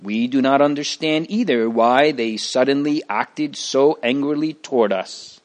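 A man reading as two calm male travelers. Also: medium pitch, unhurried, pitched above the performer's own voice, close to an everyday voice. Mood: earnest. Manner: earnest, gentle explanation.

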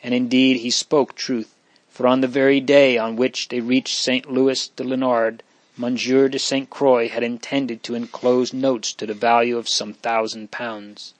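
A man reading a children's story aloud as narrator in a measured, calm manner. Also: medium pitch, dry recording. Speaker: audiobook narrator. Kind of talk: scripted narration.

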